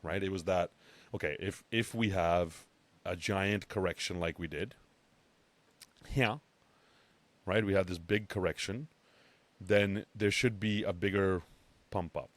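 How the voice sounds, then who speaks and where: A man's voice: sits low, fairly even intonation, measured pace, long pauses, no echo. A man hosting a casual chart analysis talk in a brash, joking, conversational way. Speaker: crypto channel host.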